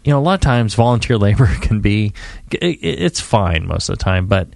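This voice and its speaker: A man co-hosting a podcast in casual chat, rambling and halting with many fillers and restarts. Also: on the low side, big pitch swings, gravelly, darkish tone, no echo, clean studio sound. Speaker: podcast co-host.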